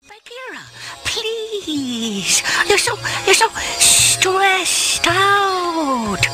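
A woman voicing a soothing, hypnotizing female python with a soft, lulling manner. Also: extremely high pitch, sing-song, very slow, heavily acted. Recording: cartoon clip with loud music.

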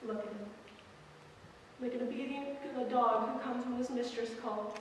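A young woman performing a possessive woman who taunts and coaxes, slow and commanding. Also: on the high side, steady tone, natural voice. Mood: taunting. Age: late teens. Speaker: student actor. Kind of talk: competition dramatic monologue. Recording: echoey hall from far off, noisy.

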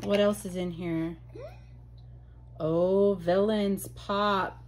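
A woman talks through an unboxing for her channel in a relaxed, unhurried way. She gushes and exclaims as she chats, with a voice of middling pitch. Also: slight background noise. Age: adult. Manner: gushing, exclamatory, chatty. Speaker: vlogger unboxing mail. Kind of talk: casual unboxing chat.

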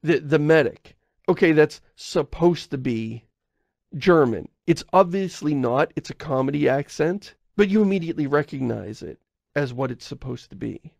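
Podcast co-host, male, gravelly mid-pitch, rambling, casual, dry sound. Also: expressive, normal speed, a little mellow, no room sound. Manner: rambling, self-correcting, chuckles often.

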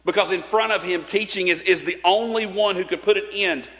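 A man's voice: high-pitched, fairly quick, a bit bright. A man preaching a sermon in a casual, conversational way, with fillers and restarts. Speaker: pastor. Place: church sanctuary. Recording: long church reverb.

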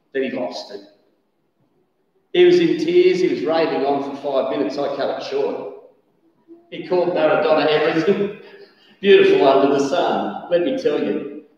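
Man preaching in an echoey hall. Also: a little high. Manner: animated storytelling, bursts of shouting. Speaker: pastor. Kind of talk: sermon. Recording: echoey hall, distant dull mic.

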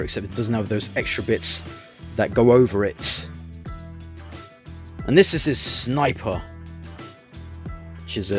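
A man casually reviewing an action figure, talking in a relaxed, rambling way with hesitant fillers. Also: mid-range voice. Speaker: toy reviewer.

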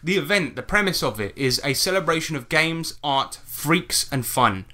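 A British man co-hosting a comedy podcast, telling stories in a jokey quiz-show way with deadpan disclaimers. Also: a little high, moderate pace, a crowd in the background. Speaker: podcast co-host. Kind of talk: casual comedic podcast chat.

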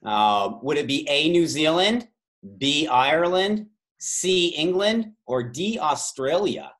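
A man's voice: on the high side, expressive, a bit bright. Man hosting a trivia quiz on a video call. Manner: reads multiple-choice options slowly, stretching key words; chatty asides and self-corrections. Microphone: video call microphone.

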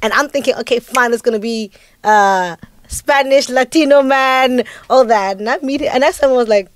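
A woman with a high voice hosts a loose podcast conversation. She talks in an easygoing way and laughs often. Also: moderate pace. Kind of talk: casual chat.

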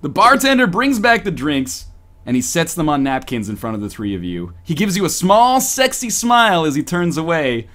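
A man's voice: fairly high pitch, moderate pace. A man co-hosting a podcast, reading a romance story aloud with joking asides. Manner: animated, breaks off for joking asides. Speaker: podcast co-host.

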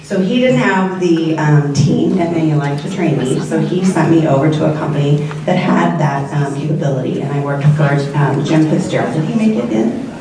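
A woman's voice: deep voice, normal speed, hardly any pauses, dark tone, recorded from a distance, a little hiss or hum. Woman telling stories in an echoey hall. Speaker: eulogy speaker. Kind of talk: memorial speech with anecdotes. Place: large room at a memorial. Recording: echoey hall, speaker off-mic.

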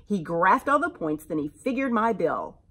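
A woman teacher reading a rhyming picture book aloud to children in an animated, expressive way. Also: mid-range voice, moderate pace, husky.

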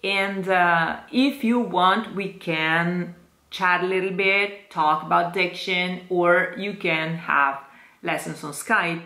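A woman with an Italian accent teaching Italian diction to singers, modelling each word slowly and repeating it with care. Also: fairly low pitch, pushed and bright, echoey room. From Italy. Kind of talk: slow, careful diction lesson.

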